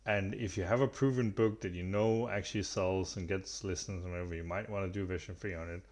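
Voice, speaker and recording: Man, low-pitched voice, tutorial host, relaxed, halting with fillers and restarts. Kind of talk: screen-recorded software tutorial.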